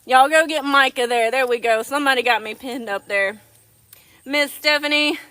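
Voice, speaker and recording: A woman's voice: sits high, normal speed, bright, forceful tone, no room sound. A woman hosting a casual livestream, affectionately greeting viewers as darling. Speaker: livestream host.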